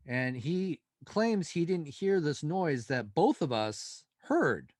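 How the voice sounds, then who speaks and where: A male paranormal investigator, a guest in an interview, telling a story in an animated way and acting out the dialogue. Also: a little high, takes it slowly, no echo, studio quality.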